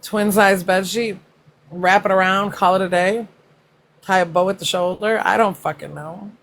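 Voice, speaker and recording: A woman's voice: mid-range voice, fairly even intonation, normal speed, a bit bright, slight background noise. A woman hosting a casual livestream, chatting and reacting to comments, laughing often and swearing freely. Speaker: livestream host.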